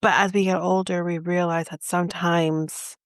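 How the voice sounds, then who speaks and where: Opinionated woman with a gravelly low voice. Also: little pitch movement, moderate pace, no echo, clean studio sound. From Canada. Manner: opinionated, emphatic, self-interrupting. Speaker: podcast co-host. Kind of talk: casual opinion chat.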